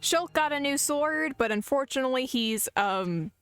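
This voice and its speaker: A woman's voice: high voice, lively intonation, moderate pace, fairly bright tone, clean tone, soft background music. A young adult woman streaming a game, chatting casually with playful, jokey asides and frequent laughs. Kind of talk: casual gameplay commentary.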